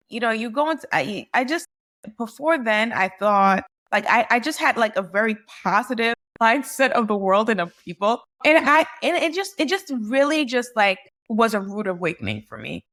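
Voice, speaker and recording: Chatty woman on a podcast, physician guest, lively storytelling, says like a lot. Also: medium pitch. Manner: animated, conversational, frequent fillers like "like" and "right?". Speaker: physician and real estate investor guest.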